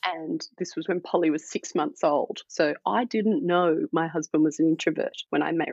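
A woman's voice: low-pitched, moderate pace, gravelly, breathy edge, no room sound. A woman, a former midwife turned startup founder, telling self-deprecating stories as a podcast guest. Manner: energetic, self-deprecating storyteller. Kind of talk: casual podcast conversation. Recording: dull lo-fi dry audio.

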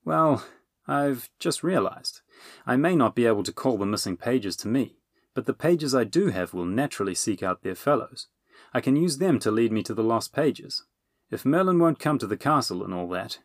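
A man voicing a cheerful, fussy male wizard, chummy and brisk. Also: mid-range voice, animated, dry recording, studio quality.

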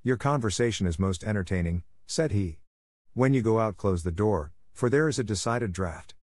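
A calm, ironic detective speaks in a bland, unruffled way, as a man reads him. The voice runs low and the sound is dry and close. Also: normal speed, no room sound, natural voice.

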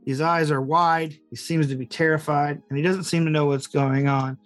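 A man narrating as game master of a tabletop game, pausing often with fillers and restarts. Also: fairly high pitch, fairly even intonation, no room sound, faint music behind. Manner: hesitant, many fillers and restarts.

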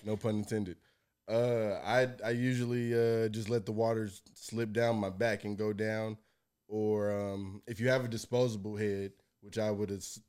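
A young man with a fairly low voice talks in loose, crude banter. He rambles, restarts his sentences and laughs at his own slips. The delivery is relaxed and unhurried. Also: clean tone. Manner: laid-back, rambling, laughs at himself.

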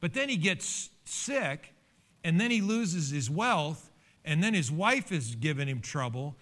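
Bright-voiced man preaching a sermon. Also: on the high side, unhurried. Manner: animated storytelling with humor and asides. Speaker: pastor. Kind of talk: conversational sermon.

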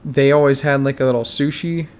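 A man co-hosting a casual podcast, reacting quickly and laughing along. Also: mid-range voice, steady tone, a little hiss or hum. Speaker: podcast co-host.

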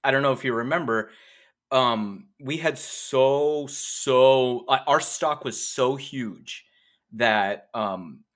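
A man co-hosting a podcast in casual chat, excitable and gleeful, often hedging his guesses. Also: medium pitch, slow pace. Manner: excitable and gleeful, hedging with "maybe" and "I don't know". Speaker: podcast co-host.

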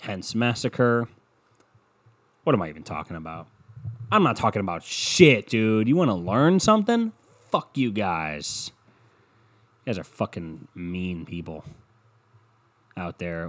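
Man, somewhat low voice, casual podcast rant, swears a lot, sarcastic tangents. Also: sing-song, measured pace, pauses often. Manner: profane, rambling, sarcastic. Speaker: podcast host. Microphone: computer mic at desk, browsing online maps.

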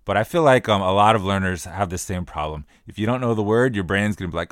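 A man co-hosting a podcast, explaining in a relaxed, casual way and often repeating himself as he works through a point. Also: lowish voice, fast talker, dry recording, clean studio sound. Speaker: podcast co-host.

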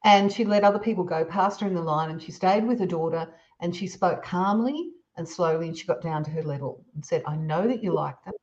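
A woman, a parenting expert guest, giving calm, measured advice in a podcast conversation. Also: on the low side, highs cut off. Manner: calm, measured, explains with examples.

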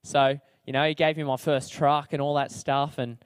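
A man's voice: on the high side, flat delivery, normal speed, smooth, no room sound, studio quality. A young Australian man telling his own story to an audience in a chatty, slangy, self-deprecating way, with lots of fillers. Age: young adult. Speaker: speaker sharing his testimony.

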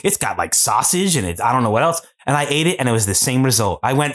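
A man's voice: mid-range voice, very animated, fast talker, few pauses, a bit bright. A married man ranting profanely in a casual podcast chat, with exaggerated complaints. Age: adult, married. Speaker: podcast co-host.

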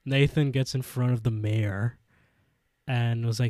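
Man, medium pitch, dry close sound, podcast co-host, laid-back, casual swearing. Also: fairly even intonation, unhurried, darkish tone, no echo. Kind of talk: casual recap chat.

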